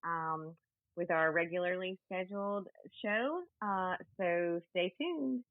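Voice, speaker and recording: A woman co-hosting a podcast, giving a relaxed, unhurried sign-off. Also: on the low side, no echo. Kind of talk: closing sign-off. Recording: tinny phone-like line.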